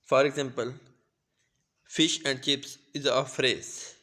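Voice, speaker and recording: A young man from Pakistan presents a pronunciation lesson to his class. He speaks at an unhurried, deliberate pace in a middle-range voice, often pausing to correct himself. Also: mid-range voice, level tone, pushed and bright. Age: young adult. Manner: slow, careful, with restarts. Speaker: student presenter.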